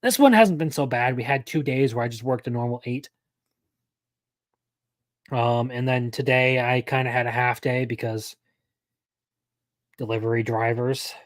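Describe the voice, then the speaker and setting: A man's voice: medium pitch, steady tone, normal speed, long pauses, no echo. A young man hosting a live anime news stream, talking casually and rambling, often correcting himself mid-sentence.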